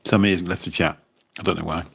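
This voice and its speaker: This taxi driver runs a casual livestream, reading comments aloud and rambling into his phone while repeating words often. His voice sits low and steady, brisk, creaky, slightly rough, with a fairly bright tone.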